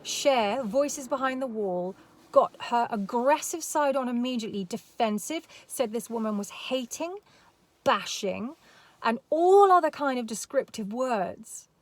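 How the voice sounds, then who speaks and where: A woman's voice: on the high side, expressive, unhurried, no room sound. Rambling woman, emphatic repetitions. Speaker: commentary vlogger. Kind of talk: casual commentary.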